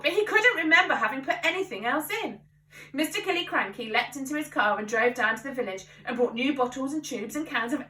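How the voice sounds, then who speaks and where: A woman reads a children's story aloud, animated and expressive, in a high, bright voice. Her voice rings through an echoey room. She sounds set back from the mic. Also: distant mic. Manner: animated, inviting listeners to join in. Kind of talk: reading a children's book aloud.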